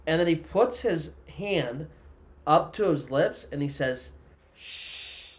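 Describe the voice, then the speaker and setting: Heavy background noise surrounds this man as he unhurriedly tells a creepy tale. His fairly high voice is expressive, and his casual telling wanders, peppered with fillers like "you know" and "kinda."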